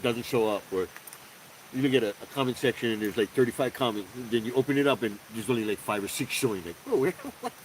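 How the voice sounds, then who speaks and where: A man's voice: medium pitch, fast, a little hiss or hum, poor audio. A man with a Hawaiian accent, chatting in a laid-back, teasing way as co-host of an outdoor night-time stream. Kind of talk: casual chat.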